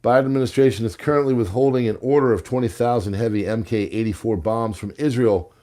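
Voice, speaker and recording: Dark-voiced sarcastic male news commentator. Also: mid-range voice, fast. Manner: sarcastic, jokey asides between read headlines. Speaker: host.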